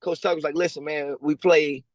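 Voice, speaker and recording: A man, a guest telling his story over a remote call in a casual, slangy way and acting out other people's lines in a higher voice. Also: fairly even intonation, normal speed, darkish tone, dry recording, low-quality recording. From Louisiana. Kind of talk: storytelling interview. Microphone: remote call over a weak connection.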